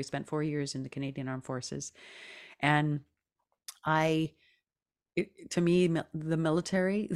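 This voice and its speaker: Low-voiced woman guest, earnest. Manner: earnest, reflective, laughs often. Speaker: podcast guest, singer. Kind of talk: casual interview talk.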